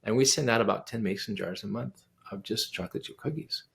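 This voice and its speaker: Gravelly-voiced man telling an animated story. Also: lowish voice, fairly quick. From United States. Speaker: guest pianist and composer. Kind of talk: storytelling in a casual interview.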